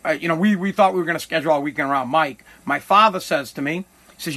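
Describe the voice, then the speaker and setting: A man's voice: a little high, fast, pushed and bright. A middle-aged man from Massachusetts, a podcast host, telling a candid personal story in a rambling, profane way, full of self-corrections and heavy with regret.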